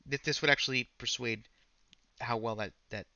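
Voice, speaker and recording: A man with a bright, forceful voice runs a tabletop game, rambling through scene descriptions and often correcting himself mid-sentence. The sound is dry and close, though a little dull, as from a modest microphone. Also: mid-range voice, fairly even intonation, moderate pace, clean tone, dry recording. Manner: rambling, self-correcting narration. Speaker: game master.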